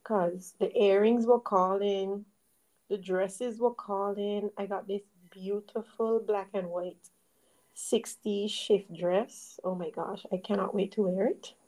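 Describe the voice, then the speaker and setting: A young woman co-hosting a podcast, chatting in a gushing, animated way and drawing words out for emphasis. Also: mid-range voice, slow pace, rough recording. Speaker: podcast co-host. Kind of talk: casual chat.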